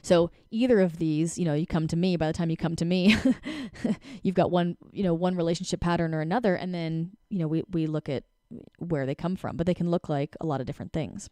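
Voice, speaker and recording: A woman in her forties talks through relationship advice in a loose, chatty coaching style. Her voice sits a little low and she often acts out short lines in other voices. The sound is dry and close, with no room around it. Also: dry recording. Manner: animated, acts out quick voices with laughs. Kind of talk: casual advice talk.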